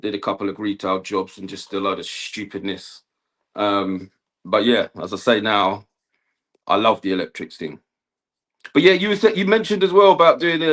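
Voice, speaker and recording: A man's voice: on the low side, animated, normal speed, a bit bright. A man, an electrician chatting casually on a livestream, laughing often and asking "do you know what I mean". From Kent, England. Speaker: guest electrician.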